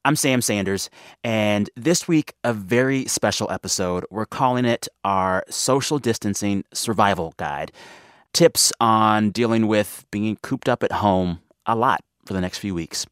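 A male radio host in a casual, playful interview, laughing easily and teasing his guest. His voice sits low and sounds smooth and resonant. The studio sound is dry and close. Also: measured pace, a bit bright, no echo. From Texas.

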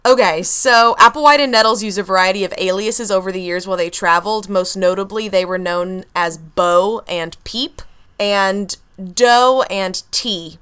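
Smooth-voiced woman telling a true story. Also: medium pitch, normal speed, fairly bright tone. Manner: reads researched notes, breaks into laughs. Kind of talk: casual podcast storytelling. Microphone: computer mic at home.

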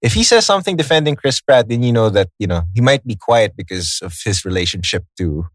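A joking podcast co-host who likes to toss in quips and impressions. The voice ranges widely in pitch. The recording is close and dry, on a studio mic. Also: animated, fast, no room sound. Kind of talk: casual chat.

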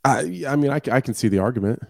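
A man's voice: medium pitch, expressive, rapid-fire, gravelly, a little mellow. A man appearing as a fighter on a sports talk show, speaking frankly with stammering restarts. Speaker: guest fighter. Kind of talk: casual sports chat.

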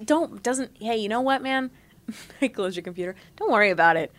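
A woman's voice: a little high, animated, normal speed, lightly acted. A woman playing a chipper middle-aged man in denial about his separation, talking in a forced sing-songy cheer in an improvised comedy sketch. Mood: evasive.

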